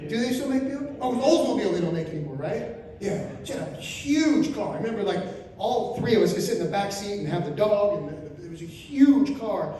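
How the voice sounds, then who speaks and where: A man in his fifties from Florida doing a stand-up comedy set, telling crude stories with loud animated outbursts. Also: high-pitched, a little fast. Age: 50s. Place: RV resort event room, live audience. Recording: very echoey room, voice from far off.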